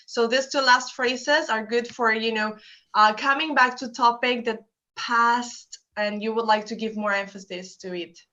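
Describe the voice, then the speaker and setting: A woman's voice: fairly high pitch, fairly even intonation, a little slow, bright, forceful tone, dull audio. A woman with an Argentine Spanish accent adding a point to an English lesson, hedging with fillers.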